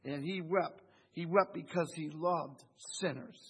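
A man's voice: fairly high pitch, unhurried, a bit bright, breathy edge. A man preaching a Bible study sermon who keeps asking the congregation "Amen?" and chuckles between phrases.

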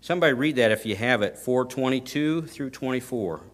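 A man's voice: medium pitch, expressive, fairly quick. Male preacher, mid-range voice, folksy and emphatic sermon delivery. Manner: folksy, emphatic, rising to loud stresses.

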